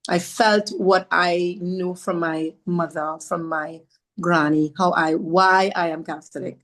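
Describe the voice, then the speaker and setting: Slow and steady, her voice on the low side, a woman from Trinidad shares a heartfelt personal story as a podcast guest. Earnest and devout, she speaks warmly about faith and repeats phrases to drive points home.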